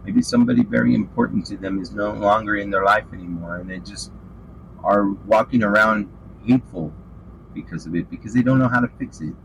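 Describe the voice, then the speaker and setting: A man's voice: lowish voice, brisk, gravelly, a bit bright, a little hiss or hum, rough recording. A man preaching an informal sermon, fervent and calling listeners out with rhetorical questions. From western United States.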